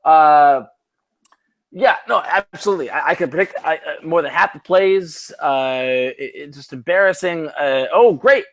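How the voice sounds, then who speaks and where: A man's voice: on the high side, unhurried. A man co-hosting a casual sports podcast, rambling and swearing with many restarts, a bit tipsy from drinking. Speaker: podcast co-host.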